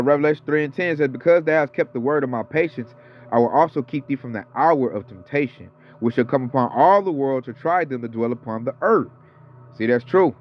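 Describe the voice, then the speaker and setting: A man in his thirties or forties giving a casual, fired-up sermon, slangy and profane. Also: mid-range voice. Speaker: preacher. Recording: dull lo-fi audio with faint music.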